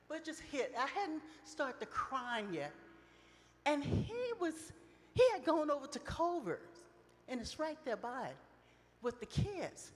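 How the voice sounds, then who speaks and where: A middle-aged woman preaching at a women's retreat, telling personal stories with passion, swinging between loud outcries and soft reflective lines. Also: a little high, slight background noise. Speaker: retreat speaker. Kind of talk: emotional sermon with personal storytelling. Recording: long reverb of a large hall.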